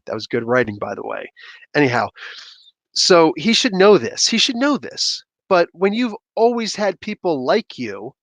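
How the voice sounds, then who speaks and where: Animated rambling man, slightly high voice. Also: normal speed, no echo. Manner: animated, rambling, jumps into sudden outbursts. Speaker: comic book review host. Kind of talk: casual commentary.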